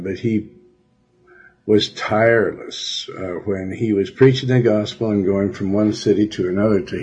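Husky, halting radio preacher man. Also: fairly low pitch, darkish tone. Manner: halting, full of fillers, slows to stress words. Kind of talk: radio Bible teaching.

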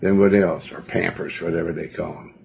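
Male pastor, deep gravelly voice, domineering and rambling, husky tone, lo-fi recording. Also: steady tone, brisk, a little mellow. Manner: domineering, rambling, with many fillers. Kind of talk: sermon. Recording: dull lo-fi recording.

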